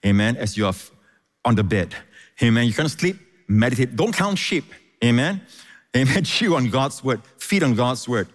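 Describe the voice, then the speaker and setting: Male pastor, mid-pitched, sermon delivery with repeats and amens, long hall reverb. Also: animated, normal speed. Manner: repeats words, stutters and restarts, frequent amens.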